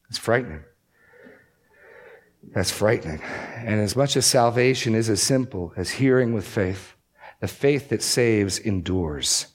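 A man's voice: on the low side, lively intonation, measured pace, long pauses. A man preaching as a pastor, emphatic and repeating key phrases for stress. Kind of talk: sermon.

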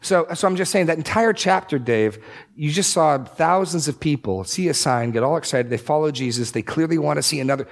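A man teaching through a Bible passage in a casual discussion, with animated, sarcastic asides. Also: fairly high pitch, fairly quick, creaky.

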